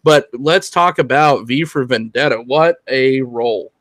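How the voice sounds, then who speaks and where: A man's voice: medium pitch, a little slow, fairly bright tone, no echo. Rambling male podcast host, dry sound. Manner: rambling, many restarts. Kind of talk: casual podcast chat.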